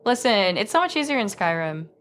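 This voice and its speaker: A woman co-hosting a casual podcast, laughing often and hesitant, quick to put herself down. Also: medium pitch, big pitch swings, a bit bright, a little hiss or hum. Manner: giggly, hesitant and self-deprecating. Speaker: podcast co-host. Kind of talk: casual chat.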